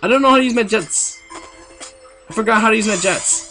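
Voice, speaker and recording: A young man giving jokey, excitable commentary while playing a video game, with sudden outbursts. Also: sits high, a little fast, faint music behind. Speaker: let's play gamer. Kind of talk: goofy gameplay commentary.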